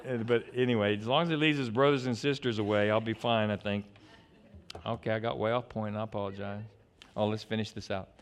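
Briskly and in a lowish voice, a middle-aged man preaches a sermon, animated and prone to digressions. He shifts from loud outbursts into hushed stretches and back.

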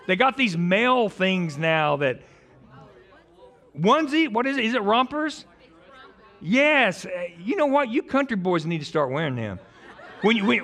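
A middle-aged man preaching a sermon as pastor, joking and animated, rambling with many restarts. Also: high-pitched.

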